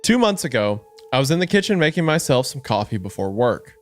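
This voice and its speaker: Trading jokes and laughing often, this horror podcast co-host has an ordinary mid-range pitch and an animated manner. When he reads the story, his voice drops low and hushed, with soft music faintly underneath.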